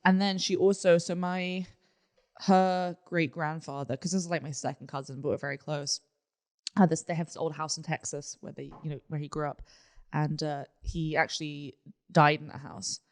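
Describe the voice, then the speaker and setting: A man's voice: fairly high pitch, level tone, normal speed. A young man on a podcast telling a relative's ghost story in a chatty way, with a few restarts and corrections. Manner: chatty, reacts with short "mm-hmm"s, tells family anecdotes with restarts. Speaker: podcast co-host. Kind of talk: casual conversation.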